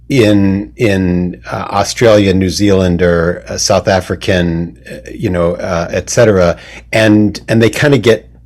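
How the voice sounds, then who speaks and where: An American man hosting an interview, asking questions in a halting way with many restarts and easy laughter. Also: deep voice. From United States. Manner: halting, full of fillers and restarts, laughs easily. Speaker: podcast host. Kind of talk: casual interview.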